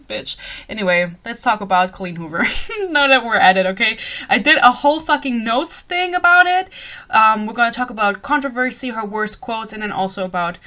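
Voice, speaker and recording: Rambling with excitement and cursing freely, this podcast host is a woman in her twenties from Germany, and her English carries a light German accent. She speaks fairly quickly in a fairly high voice during a casual chat about books.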